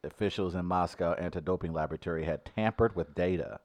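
A man co-hosting a casual chat, reading news items and joking about them in loud bursts. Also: low voice, quick pace, no echo. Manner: jokey, reads news then riffs with loud bursts. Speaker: co-host.

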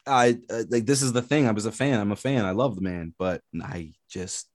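A man's voice: lowish voice, brisk, no room sound, studio quality. A man hosting a casual sports podcast, ranting hotly with swearing and repeated phrases. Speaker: podcast host.

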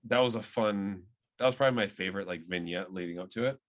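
A man's voice: fairly low pitch, fast. A man in his thirties co-hosting a podcast, chatting loosely about a movie with lots of swearing and restarts. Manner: swears a lot, rambling. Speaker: podcast co-host. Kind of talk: casual movie review chat.

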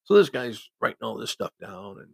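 A man's voice: fairly low pitch, sing-song, fairly quick, vocal fry, slightly rough, no echo. A man telling a rambling hospital anecdote in a casual way, with many restarts. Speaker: storyteller.

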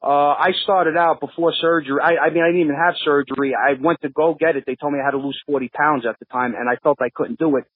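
His voice a little high and husky, this man talks quickly and steadily with hardly any pauses, and there's no room sound. A Brooklyn-born podcast regular with a New York accent, he rambles through casual stories full of restarts and fillers over phone-line audio.

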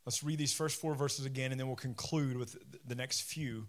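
A young man preaching a sermon in a church, reading scripture and then speaking candidly and self-deprecatingly, animated when he quotes. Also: mid-range voice, normal speed, few pauses. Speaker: pastor.

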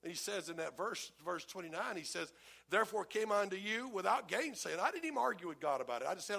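A middle-aged male pastor preaching a folksy, animated sermon and acting out the voices of the people in his stories. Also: high-pitched, a little fast, vocal fry, husky.

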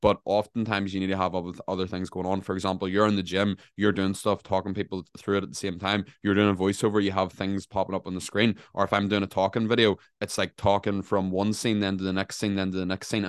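A man's voice: deep voice, level tone, fast, hardly any pauses, clean tone, dry recording, studio quality. A man and content creator in a casual podcast chat, talking bluntly and emphatically and swearing freely.

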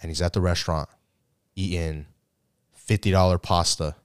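A man co-hosting a podcast, telling a story in a casual, animated way and acting out the people in it. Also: deep voice, normal speed, clean tone. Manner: animated storyteller, acts out quotes, teasing. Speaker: podcast co-host.

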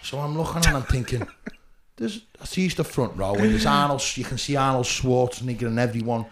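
A man's voice: medium pitch, fairly quick. A man with a Liverpool accent hosting a podcast, telling rambling stories full of swearing and "you know what I mean". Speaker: podcast host. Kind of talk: casual storytelling with heavy swearing. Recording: echoey room with faint noise.

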